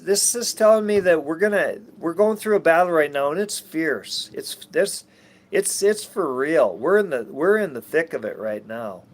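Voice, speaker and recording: A man reading tarot cards on a livestream, talking in a halting way with many restarts and fillers, and turning scornful at times. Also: on the high side. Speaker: tarot reader and channel host.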